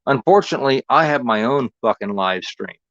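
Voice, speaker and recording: A man's voice: medium pitch, lively intonation, a little fast, fairly bright tone, no room sound, highs cut off. A man streaming a sarcastic, confrontational rant, repeating his points. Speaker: live streamer. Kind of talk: angry ranting monologue.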